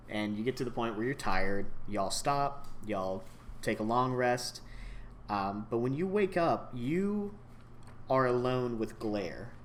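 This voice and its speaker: Low-voiced man running a tabletop game. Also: a little hiss or hum. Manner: laid-back, halting, full of ums. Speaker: game master.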